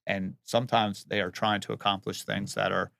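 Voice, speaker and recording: A man's voice: lowish voice, little pitch movement, normal speed, gravelly, a bit bright, no echo. A man who builds and remodels homes, answering interview questions in a plain, earnest way and often restarting his words.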